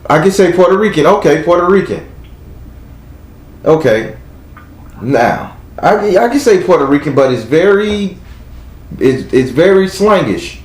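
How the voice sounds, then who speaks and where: A man's voice: a little high, sing-song, measured pace, long pauses, roomy sound, low-quality recording. A man with a Southern US accent giving a live tarot reading to a caller, blunt and chatty, talking aloud to spirits as he goes. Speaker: tarot reader.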